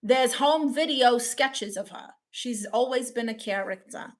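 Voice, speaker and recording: A woman's voice: fairly high pitch, a little slow. A woman with a New York accent hosting a livestream, reading the chat and giving playful, sassy advice.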